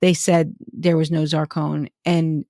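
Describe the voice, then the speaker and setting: Woman guest, lower voice, chatty storyteller, dry booth sound. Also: level tone, dark tone, no room sound. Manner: chatty storyteller, quick asides. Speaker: podcast guest. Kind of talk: casual chat.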